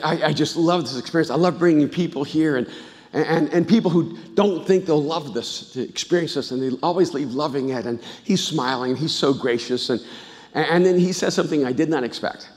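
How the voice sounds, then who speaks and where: High-voiced pastor preaching in a hall. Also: male voice. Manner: animated storytelling, swings from hushed to loud. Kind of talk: sermon. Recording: live church hall reverb.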